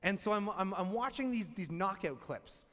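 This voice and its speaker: Animated storytelling pastor, man. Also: sits high, normal speed, in a large hall. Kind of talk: sermon.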